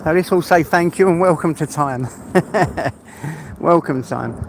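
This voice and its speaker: A man's voice: on the high side, unhurried, vocal fry, noisy background. An older man, chatting casually and heartfelt on a live stream, rambling and laughing often. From England.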